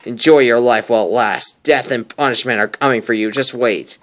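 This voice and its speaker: A man voicing a bitter, vengeful enemy soldier in a low, threatening tone. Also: fairly even intonation, fairly quick, fairly bright tone, natural voice. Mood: menacing.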